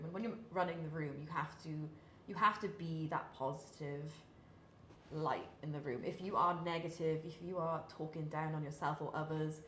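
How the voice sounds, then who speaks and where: Her voice sits low with a bit of brightness as this young British professional athlete talks candidly in a casual interview. She's chatty, leans on fillers, and laughs between thoughts, recorded in an echoey room with faint hiss.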